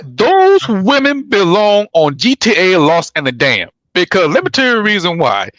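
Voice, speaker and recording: A man co-hosting a podcast, talking in a rambling, profane, animated way with many restarts. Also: high-pitched, moderate pace, no room sound. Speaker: podcast co-host. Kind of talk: casual chat about pro wrestling.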